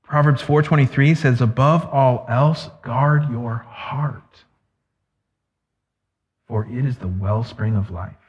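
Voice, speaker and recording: A man preaching a sermon as pastor, earnest and slowing down to stress key words. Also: medium pitch. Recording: echoey hall, dull lo-fi sound.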